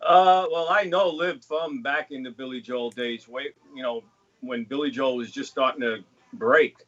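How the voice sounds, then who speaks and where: A man's voice: medium pitch, fairly even intonation, normal speed, dull audio. A man in casual chat as a guest on a video call, rambling, with lots of you know. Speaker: guest drummer.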